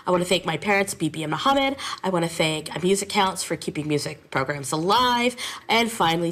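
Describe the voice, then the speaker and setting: A woman speaking in a slightly low voice, chatty and animated. She comes across as an excited music teacher being interviewed on the radio. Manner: animated, talkative, emotional.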